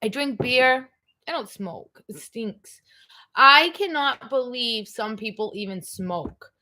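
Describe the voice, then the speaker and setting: A woman's voice: fairly high pitch, expressive, slow, bright, forceful tone. A middle-aged woman hosting a livestream, chatting casually in a blunt, rambling way. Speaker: livestream host. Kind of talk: casual chat.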